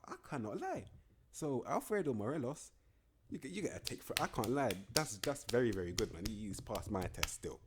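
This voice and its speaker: A man's voice: on the low side, brisk, background noise. A young man giving casual, slangy, rambling commentary on a video game. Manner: slangy, rambling, animated banter. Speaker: gaming YouTuber.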